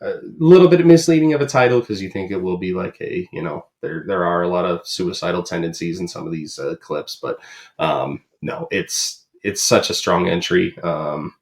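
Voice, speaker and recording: A man's voice: low-pitched, normal speed. A man co-hosting a podcast in casual chat, rambling with many ums and uhs. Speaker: podcast co-host.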